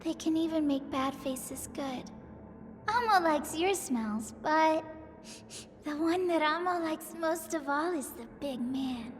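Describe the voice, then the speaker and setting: A woman voicing a clingy, moody girl who speaks of herself in the third person, in an anime dub. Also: takes it slowly. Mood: playful. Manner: childish, swings from sing-song to shrill shouting. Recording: loud music score behind.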